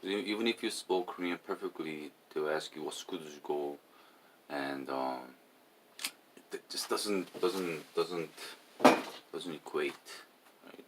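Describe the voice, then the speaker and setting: A tipsy man rambling in a casual monologue, halting and repeating his words, swinging between loud bursts and mumbles. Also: rumbling low, slight background noise. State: tipsy after drinking.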